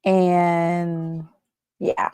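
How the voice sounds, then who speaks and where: A woman hosting a casual sports show, excitable and answering chat commenters by name. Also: on the low side, extremely slow, clear, resonant tone, dry recording.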